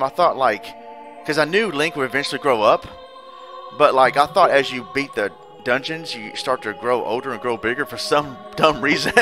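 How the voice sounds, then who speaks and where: A man casually chatting and joking while commenting on a video game playthrough. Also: mid-range voice. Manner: animated, laughing, does goofy quoted voices. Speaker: let's play co-host.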